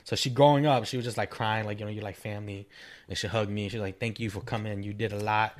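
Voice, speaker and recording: A man's voice: lowish voice, fairly even intonation, fast. A man chatting casually with a friend, telling a rambling, profane story and breaking into laughter. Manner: rambling, laughing, profane retelling with quoted voices. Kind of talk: casual chat.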